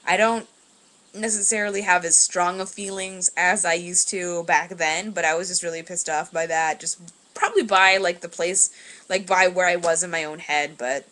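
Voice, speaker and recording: Young woman vlogger, slightly low voice, loose filler-heavy storytelling, webcam at home. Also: fairly even intonation, normal speed, sharp tone. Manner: rambling, filler-heavy, laughs while telling. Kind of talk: casual storytelling vlog.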